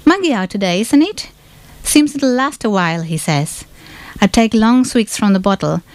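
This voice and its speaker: A woman reading a novel excerpt aloud at a bookshop event, in a measured, deliberate first-person delivery. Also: mid-range voice, darkish tone, clear, resonant tone, no room sound.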